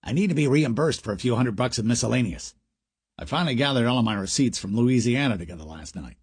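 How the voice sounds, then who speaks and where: A man's voice: mid-range voice, expressive, quick pace, breathy edge, dry recording. A man voicing a practical male agent in his late thirties in an audiobook.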